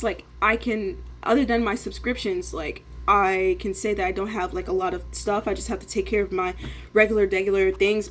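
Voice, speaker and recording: Husky young woman ranting. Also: medium pitch. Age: 20s. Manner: emotional, profane, repeats "bro" often. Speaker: day trader vlogger. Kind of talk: casual ranting vlog.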